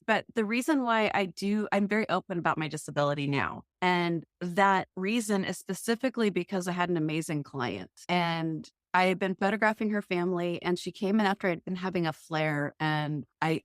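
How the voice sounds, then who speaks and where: A woman's voice: fairly low pitch, no echo, clean studio sound. A woman in her forties, a podcast guest, talking candidly and expressively about her life, often laughing at herself. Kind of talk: candid conversational interview.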